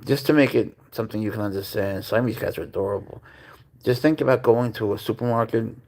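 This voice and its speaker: A man's voice: on the low side, fast talker, darkish tone. A man hosting a casual livestream, cooing to his pet cat and reading out viewer comments. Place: at home.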